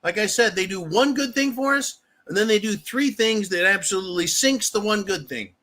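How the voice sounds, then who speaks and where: A man's voice: high-pitched, lively intonation, normal speed, bright, forceful tone. A man from the United States hosting a live show, ranting bluntly and profanely in a rambling, casual way. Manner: reads viewer messages aloud. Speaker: livestream show host. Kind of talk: casual livestream rant.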